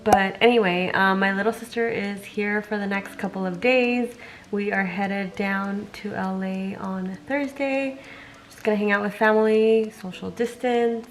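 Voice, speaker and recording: A young woman vlogging in an easygoing, chatty way. Her voice sits at an ordinary middle pitch, and she talks to her viewers casually, with relaxed fillers along the way. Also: roomy sound, slight background noise. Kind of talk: casual vlog chat.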